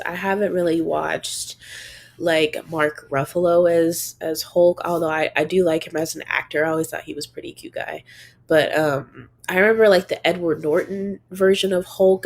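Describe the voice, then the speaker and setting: A young woman hosting a solo podcast, chatting casually with a stuffed-up, nasal voice that sounds a little strained, rambling with lots of fillers. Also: deep voice. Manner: rambling, many "um" and "like". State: slightly strained voice. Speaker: podcast host.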